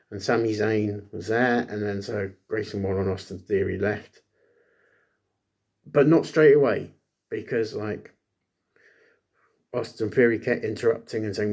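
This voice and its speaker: A man talks through a wrestling recap on his own, in a fairly low voice. He rambles, fills gaps with ums, and makes little jokes at his own expense as he goes. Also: normal speed, darkish tone. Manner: rambling, self-deprecating, many ums and asides. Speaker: wrestling show reviewer. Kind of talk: casual solo recap.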